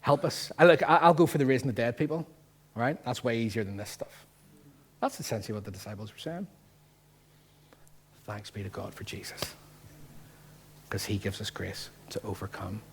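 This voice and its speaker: Husky-voiced Northern Irish pastor preaching. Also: male voice, lowish voice, moderate pace, pauses often. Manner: lively, jokey preaching with rhetorical questions. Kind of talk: sermon. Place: church.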